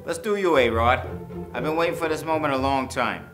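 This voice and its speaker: A man with a Boston accent giving a brash, crude comedy sales pitch to investors. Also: a little fast. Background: music.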